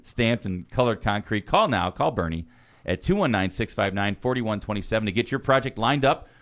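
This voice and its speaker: A man co-hosting a podcast, reading sponsor ads in a lively, casual way. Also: fairly low pitch, brisk. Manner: lively, laughs between reads. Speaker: podcast co-host.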